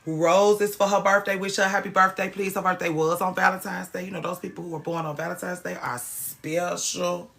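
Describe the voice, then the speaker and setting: A woman's voice: fairly low pitch, fairly even intonation, fairly quick, gravelly, few pauses, a bit bright. A woman hosting a casual livestream, ranting with plenty of swearing and greeting viewers by name. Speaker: livestream host.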